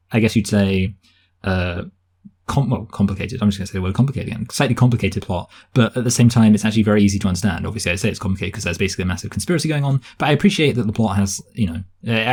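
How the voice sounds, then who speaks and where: A man with a southern English accent chats through a film review, thinking aloud with plenty of restarts. His voice sits a little low, with a dark, mellow tone and a breathy, husky edge. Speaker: podcast co-host reviewing films. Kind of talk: casual chat.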